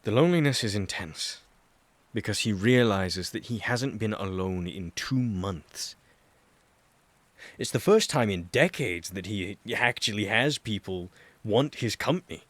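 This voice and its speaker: A man narrating an audiobook, reading a chapter of fan fiction in a steady, even storytelling manner. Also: fairly low pitch, unhurried, no echo.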